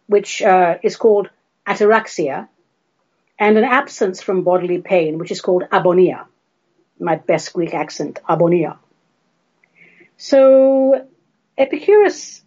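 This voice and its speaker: A woman's voice: medium pitch, warm tone, breathy edge. A woman hosting a solo radio show, talking in a chatty way with dry, self-mocking asides. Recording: slightly dull lo-fi radio recording.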